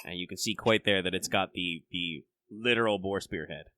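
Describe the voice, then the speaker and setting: A man co-hosting a podcast and running a tabletop game, talking casually but haltingly as he hunts for words. His tone is bright and clear, and the recording is close and dry with no room sound. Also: low-pitched, no room sound. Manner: halting and searching for words, many repeated starts. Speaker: podcast co-host and game master. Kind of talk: casual chat.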